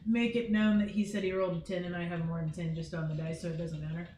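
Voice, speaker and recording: A man's voice: sits high, little pitch movement, fast, noisy background. A man playing a tabletop game, asking blunt questions about the rules. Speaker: player. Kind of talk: casual tabletop game play. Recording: roomy echo, music behind.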